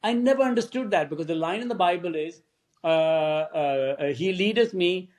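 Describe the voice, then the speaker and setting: Brief: older male director guest, high voice, animated anecdotes, acts out dialogue, laughs a lot. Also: normal speed. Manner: animated storyteller who acts out quoted dialogue; laughs often while talking. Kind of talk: podcast interview storytelling.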